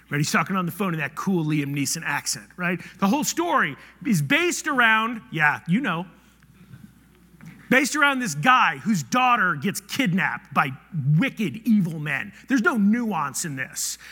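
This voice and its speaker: A bright, high-voiced man preaching with lively, wide-ranging inflection. He moves from loud emphasis to hushed, near-whispered lines. The sound carries the long reverb of a hall. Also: breathy edge. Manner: animated, swings from loud to hushed. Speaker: pastor. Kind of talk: sermon.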